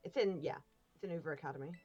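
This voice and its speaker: A woman's voice: deep voice, racing, dark tone, muffled recording, soft background music. A woman co-hosting a game stream, telling anecdotes in a chatty way with plenty of ums and laughing through her stories. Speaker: stream co-host. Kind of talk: casual storytelling chat.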